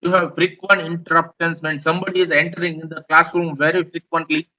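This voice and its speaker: A man's voice: a little high, flat delivery, quick pace, pushed and bright, muffled recording. A man with an Indian English accent giving a classroom lecture, explaining points and repeating them. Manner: repetitive, explanatory, rephrases points.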